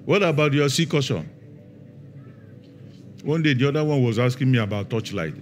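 A man's voice: mid-range voice, animated. A middle-aged man, a pastor preaching a sermon and telling stories, stressing words and drawing them out. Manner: storytelling, emphatic with drawn-out words.

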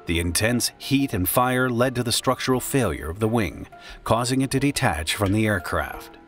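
A man giving grave, steady scripted documentary narration. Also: mid-range voice, normal speed. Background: faint music.

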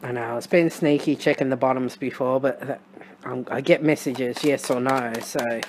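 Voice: mid-range voice, steady tone, normal speed, noisy background. A tarot reader with an Australian accent, talking through a reading in a casual, musing way with wry, sarcastic asides. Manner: thinks aloud with frequent restarts and fillers.

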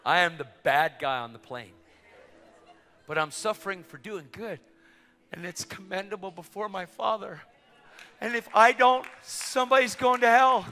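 Middle-aged male preacher, bright piercing tone, animated storyteller who shouts at peaks; reverberant hall. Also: high voice, normal speed. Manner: excitable, acts out dialogue, rising to shouts. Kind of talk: sermon storytelling. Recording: long reverb of a large hall.

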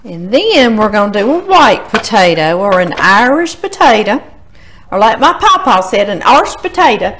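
A woman's voice: medium pitch, sing-song, normal speed, a bit bright, slight background noise. A middle-aged woman with a Louisiana Southern accent, hosting a casual cooking demonstration in a home kitchen and chatting folksily straight to her viewers. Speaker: cooking show host.

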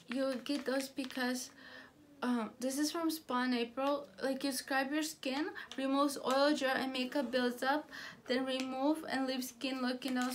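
A woman chatting casually through a beauty product haul, gushing and halting, with frequent restarts. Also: high-pitched, a little hiss or hum.

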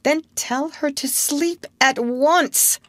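A woman's voice: high-pitched, slow, a bit bright, no room sound, voice pushed up. A woman reading the part of an earnest, loyal young boy who grumbles, in a storybook. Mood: grumbling. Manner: eager, slightly grumbling.

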